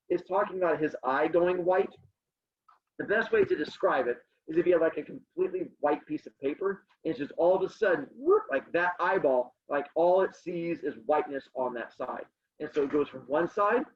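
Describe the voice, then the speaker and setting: A male teacher reads a story to his class over a video call and breaks off for playful jokes with the students. His voice sits high and swoops widely up and down. The call audio is muffled and low-fidelity. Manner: playful, joking asides to students. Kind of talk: reading a story aloud to a class. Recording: dull lo-fi sound.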